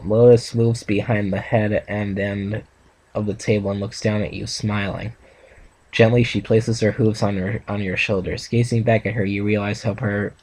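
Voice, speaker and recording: A man's voice: on the low side, a little mellow, poor audio. Young man reading a fan story aloud. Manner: reads aloud with stumbles and asides. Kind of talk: casual reading and reaction chat.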